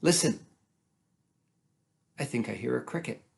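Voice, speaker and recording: Man doing a low-key wise country brother, soft and gravelly, no fuss. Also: expressive. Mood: calm. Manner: quiet, unhurried, matter-of-fact.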